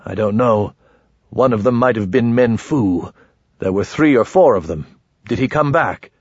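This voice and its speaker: An anxious, stubborn older father, voiced by a male narrator, pressing his point with husky urgency. The sound is dry and a bit muffled, close to the mic. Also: mid-range voice, a little slow, no room sound. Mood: urgent.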